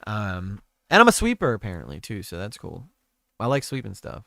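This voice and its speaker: A man's voice: fairly low pitch, wildly swooping pitch, moderate pace, gravelly, bright, forceful tone, no room sound, clean studio sound. A young man hosting a casual stream chat, talking crudely and rambling, often trailing off mid-sentence. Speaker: streamer host.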